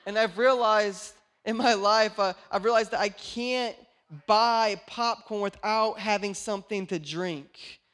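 A young man with a notably high voice preaches a sermon inside a church. He drops to a quiet, confiding tone for stories, then climbs back up to loud, shouted exhortation. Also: unhurried. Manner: swings from hushed storytelling to loud shouted exhortation. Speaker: pastor. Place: indoor church.

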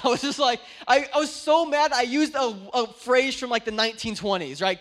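A young man with a notably high voice preaches a sermon inside a church. He drops to a quiet, confiding tone for stories, then climbs back up to loud, shouted exhortation. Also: moderate pace. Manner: swings from hushed storytelling to loud shouted exhortation. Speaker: pastor. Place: indoor church.

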